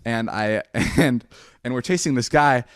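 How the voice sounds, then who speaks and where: A young man telling a story on a podcast, animated and swearing a lot, jumping up in pitch when he acts out quotes. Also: a little slow, smooth, dry recording, studio quality. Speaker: podcast host. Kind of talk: casual storytelling.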